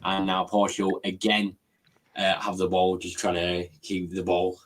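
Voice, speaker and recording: A man with a fairly low voice calls a football match live for an online watchalong. He talks in a brisk, running play-by-play and jumps up in energy at big moments. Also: monotone, a little hiss or hum.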